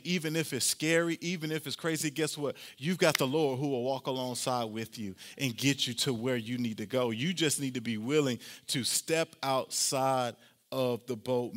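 A male pastor giving a lively, conversational sermon, using casual slang as he preaches to his congregation. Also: mid-range voice.

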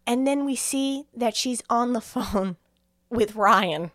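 A woman's voice: a little high, slow, no echo, clean studio sound. A young woman, a podcast co-host, casually retelling a film's plot, acting out the characters' lines and swearing freely. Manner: animated storytelling, acting out quotes, swears freely. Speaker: podcast co-host recapping a film.

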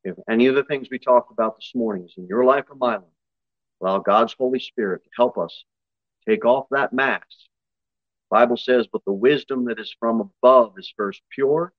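A male pastor preaching a sermon, his voice jumping high and loud for emphasis before dropping back low. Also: moderate pace, no echo, dull audio. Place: church.

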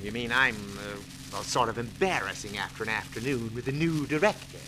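An actor playing a grumbling, jealous husband in a 1940s radio comedy, on an old broadcast recording. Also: male voice, mid-range voice, a little fast, background noise, lightly acted. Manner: sulky, grumbling. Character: grumpy, jealous middle-aged husband Oliver.

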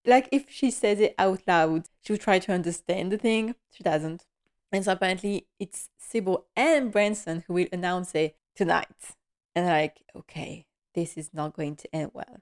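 A woman's voice: fairly low pitch, moderate pace. A woman hosting a podcast, chatting enthusiastically and laughing often as she recaps a TV episode. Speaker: podcast host.

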